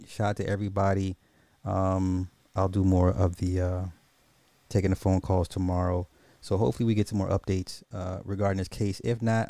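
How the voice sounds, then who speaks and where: A man with a low, mellow voice hosts a call-in commentary show, casual and slangy, drifting into rambles. The sound is dry and close, with faint music underneath. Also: no room sound. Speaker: podcast host.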